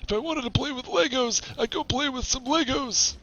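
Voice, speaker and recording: A man's voice: very high voice, normal speed, pushed and bright, muffled recording, faint music behind. A man giving chatty, self-deprecating commentary while streaming a game.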